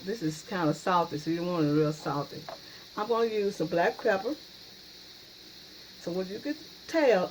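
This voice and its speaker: A woman's voice: mid-range voice, slight background noise, rough recording. A woman hosting a casual home cooking video in her kitchen, folksy and chatty, often saying "y'all.". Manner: folksy, repeats "y'all" and "yes, indeed". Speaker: cooking channel host.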